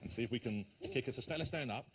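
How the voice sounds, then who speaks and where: A man's voice: medium pitch, racing, very noisy. A man hosting a talk show, teasing his guest and laughing often, stretching out his punchlines. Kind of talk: playful studio chat.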